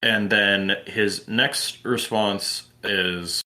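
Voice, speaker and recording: A man with a low voice and a bright, forceful tone reacts to a friend's story. He recaps the events in a casual podcast chat. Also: fairly even intonation, extremely slow. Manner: reacts and recaps, laughs along.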